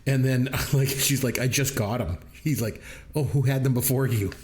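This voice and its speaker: A man's voice: medium pitch, moderate pace, darkish tone. A man co-hosting a movie review podcast, retelling scenes in a casual chat and laughing often as he goes. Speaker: podcast co-host.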